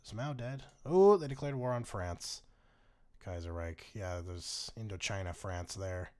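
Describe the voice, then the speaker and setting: Lower-voiced man giving wry game commentary. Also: lively intonation, unhurried, darkish tone. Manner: wry, swears freely, chuckles at the game. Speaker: gaming channel host. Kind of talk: casual strategy game commentary.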